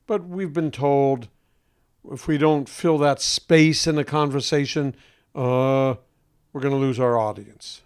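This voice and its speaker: A man working as a voice coach, speaking to an interviewer in a deliberate, emphatic way with pointed pauses and a singer's trained voice. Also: medium pitch, fairly even intonation, clean tone.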